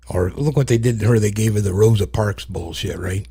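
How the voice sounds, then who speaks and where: A man's voice: fairly low pitch, a little fast, gravelly, warm tone, husky. A man hosting a talk show, giving blunt, profane commentary full of fillers and asides. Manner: blunt, profane, laughs at own jokes; many fillers and trailing asides. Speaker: host. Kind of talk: casual commentary.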